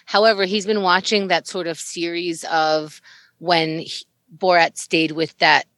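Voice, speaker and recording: A woman with a fairly low voice who chats casually and hesitantly, often stopping to restart. The recording is close and dry. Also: level tone, a little slow, fairly bright tone, no echo. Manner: hesitant, lots of fillers and restarts. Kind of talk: casual chat.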